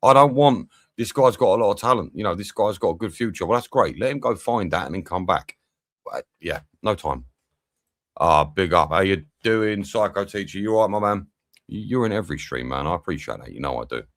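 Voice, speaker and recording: A man's voice: low voice, expressive, fairly quick, dry recording. A man streaming a football watch-along, swearing, venting and chatting with his viewers. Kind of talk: live match commentary and chat.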